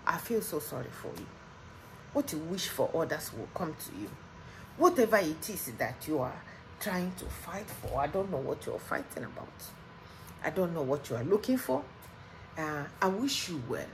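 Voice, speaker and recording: A woman's voice: deep voice, sing-song, moderate pace, faint music behind, poor audio. Heated Nigerian woman ranting. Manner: heated, repetitive, emphatic. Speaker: vlogger. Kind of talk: impassioned political rant.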